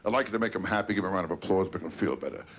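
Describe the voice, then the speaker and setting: A man hosting a comedy show, introducing acts in a brisk, coaxing manner. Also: low voice. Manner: brisk, coaxing, repeats "okay?". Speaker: show host. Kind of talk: emcee introduction. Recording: live comedy club with crowd noise.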